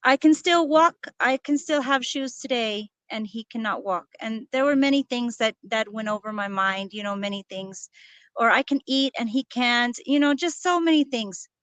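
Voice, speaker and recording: Woman guest, soft earnest storytelling, smooth clear voice. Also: a little high, moderate pace, no room sound. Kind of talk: casual interview, telling a personal story.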